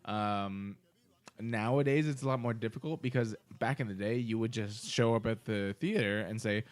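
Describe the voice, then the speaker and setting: A man's voice: on the low side, moderate pace. A young man co-hosting a casual podcast, loose and tipsy, swearing and laughing as he chats. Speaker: podcast co-host. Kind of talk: casual drinking-podcast banter.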